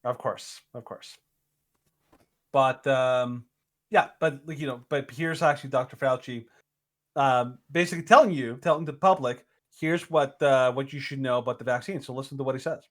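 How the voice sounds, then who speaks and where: A man's voice: medium pitch, normal speed. A man co-hosting a casual opinion podcast, rambling with many fillers and restarts. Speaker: podcast co-host.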